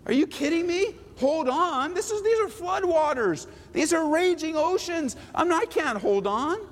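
A man's voice: animated, normal speed, big-room sound. A man preacher voicing a panicked man in disbelief at being told to hang on. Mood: incredulous. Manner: incredulous, exclaiming, high-pitched.

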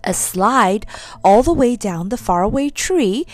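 A woman's voice: mid-range voice, sing-song, measured pace, darkish tone, soft background music. Woman reading as an earnest young boy. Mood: eager. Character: earnest young boy, eldest child, sensible. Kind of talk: storybook reading.

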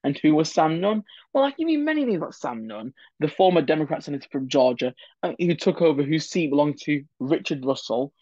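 A man's voice: fairly high pitch, sing-song, a little fast, hardly any pauses, warm tone, no echo, highs cut off. A man hosting a solo political history podcast, chatty and opinionated, with many digressions and asides. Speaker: podcast host.

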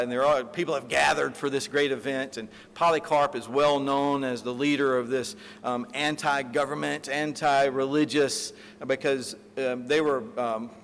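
A pastor delivering a sermon, telling a story with animated retellings and acted-out quotes, then closing in prayer. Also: male voice, mid-range voice. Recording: reverberant hall, faint room noise.

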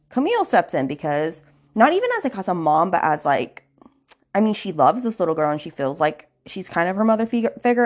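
A woman podcast host casually recapping a novel's plot, full of "like" and "you know" fillers, with indignant asides. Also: lowish voice. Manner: chatty, filler-heavy retelling.

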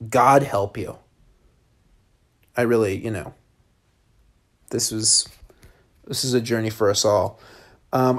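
A man doing a rambling, self-deprecating comic podcast monologue recorded as a phone voice memo. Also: mid-range voice. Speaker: podcast guest doing a solo episode.

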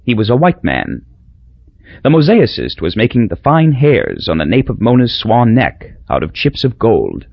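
Guy narrating a novel, wry and measured, husky voice that swings all over, dry dull lo-fi sound. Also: mid-range voice, wildly swooping pitch, no room sound. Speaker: audiobook narrator. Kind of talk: scripted narration.

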